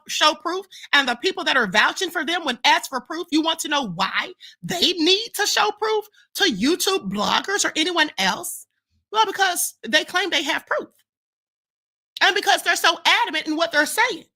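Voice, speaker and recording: A woman with a high, bright and sharp voice hosts a live-stream commentary. She answers her viewers in an emphatic, lecturing manner and keeps pressing her points with a pointed "okay?" or "ma'am".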